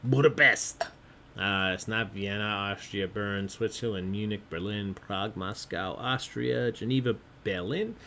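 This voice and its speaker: A man's voice: lowish voice, fairly even intonation, unhurried, few pauses, a bit bright, a little hiss or hum. A man hosting an online trivia game, chatty and jokey, often laughing as he reads out answers. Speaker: trivia host.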